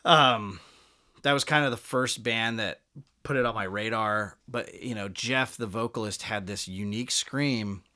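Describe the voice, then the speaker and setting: A man's voice: on the low side, unhurried. A man, a musician, telling stories casually as a podcast guest and acting out the people in them. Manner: animated, acts out quoted dialogue. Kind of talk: casual storytelling.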